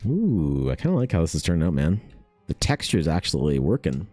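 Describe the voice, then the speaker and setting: A man's voice: sits low, big pitch swings, a little fast, dark tone, dry recording, faint music behind. A man streaming while he draws, chatting in a rambling, profane, self-mocking way. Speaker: art streamer. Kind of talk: casual chat while drawing.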